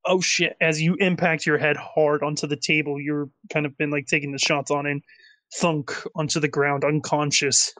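A man narrates a tabletop session as game master, rambling along with plenty of fillers. His voice sits a bit high, and it comes through dry and close, with no room sound. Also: little pitch movement, normal speed, a bit bright, dry recording.

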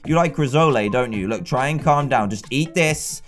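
A man giving chatty, excitable let's-play commentary and talking to the game characters. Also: mid-range voice, normal speed, soft background music. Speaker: gaming YouTuber.

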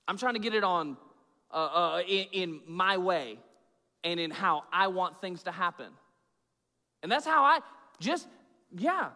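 Bright-voiced pastor preaching in a hall. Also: male voice, lively intonation, unhurried, long pauses. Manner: swings from loud emphatic bursts to low hushed asides; informal, chatty preaching with fillers and repeats. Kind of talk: sermon. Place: church sanctuary with long reverb. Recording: echoey church hall.

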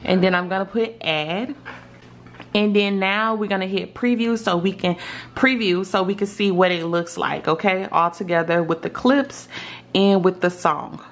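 A woman's voice: medium pitch, moderate pace, soft background music. A woman casually explaining steps in an app tutorial, often checking in with her viewers. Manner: chatty, checks in with viewers with "okay?". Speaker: tutorial vlogger.

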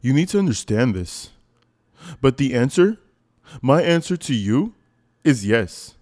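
Mocking role: a man doing a loud, needy sweet-talker who keeps insisting. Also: medium pitch, very animated, measured pace, no room sound, clean studio sound. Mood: smug. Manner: loud, insistent, repeating himself.

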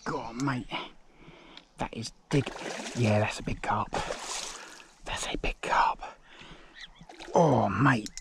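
A man's voice: on the high side, a little hiss or hum. Straining man narrating a carp fight. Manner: excited, breathless exclamations, muttered asides. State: straining, arm aching. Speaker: fishing vlogger. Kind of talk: live commentary while fishing. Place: outdoors by a lake.

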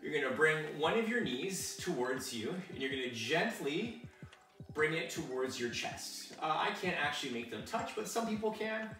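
Sing-song and fairly high, his voice comes across bright and pushed at a moderate pace, picked up from a distance. A man with a French-speaking background, he works as a kids' fitness instructor, leading a home workout where he counts reps, guides stretches, and keeps the mood upbeat and encouraging. Faint music drifts through the echoey room, and the mic is set back.

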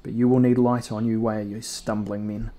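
A man voicing a proud, bitter old male dwarf, grudging and gravelly in his speech in a storybook reading. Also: fairly low pitch, level tone, moderate pace, dark tone, close to an everyday voice. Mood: pleading.

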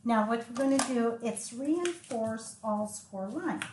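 A woman with a French accent, French her first language, giving a live craft tutorial, talking slowly and chatting as she works. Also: fairly high pitch, animated. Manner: slow, chatty, thinking aloud as she works. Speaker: papercraft instructor. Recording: echoey room with faint noise.

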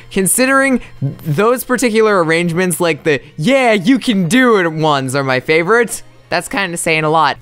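A man giving chatty, excitable, self-mocking commentary while playing a video game. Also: high voice, clear, resonant tone, no room sound. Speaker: let's play host. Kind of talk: gameplay commentary.

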